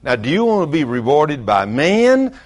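A man's voice: fairly high pitch, normal speed. An older man, preaching a folksy sermon full of acted-out stories. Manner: animated storyteller, acts out quotes loudly.

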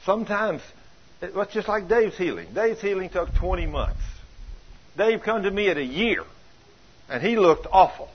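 A man preaching a sermon in a folksy, animated, conversational way, full of homespun stories. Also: high voice, moderate pace, slightly rough. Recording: dull lo-fi recording.

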